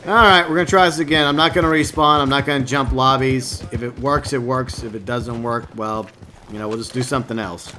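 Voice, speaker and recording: A man's voice: mid-range voice, fairly even intonation, fairly quick, bright, forceful tone, slight background noise. A man live-streaming a game, rambling casually and answering his viewers by name. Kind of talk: casual gameplay stream commentary.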